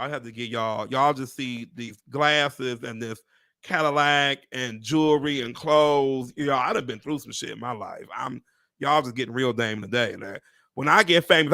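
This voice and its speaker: A man telling animated, profane stories to live viewers, with preacher-like exclamations. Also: mid-range voice, vocal fry, dry recording, studio quality. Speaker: real estate agent hosting a live stream. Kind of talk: casual storytelling to live viewers.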